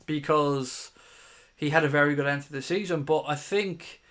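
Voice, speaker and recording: A man's voice: fairly high pitch, moderate pace, fairly bright tone. A man in his thirties hosting a live stream, casually reading viewer comments aloud in a chatty, matey way and swearing now and then. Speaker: fan channel host.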